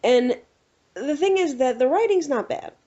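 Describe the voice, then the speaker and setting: A woman co-hosting a casual podcast, ranting with animated exasperation. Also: sits high, normal speed. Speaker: podcast co-host. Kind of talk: casual chat. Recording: dull lo-fi recording.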